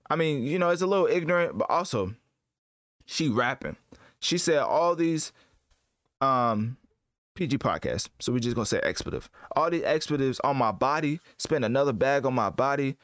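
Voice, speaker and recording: A man giving casual commentary as host, rambling and correcting himself in relaxed slang. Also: medium pitch, no echo. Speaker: host ranking rappers.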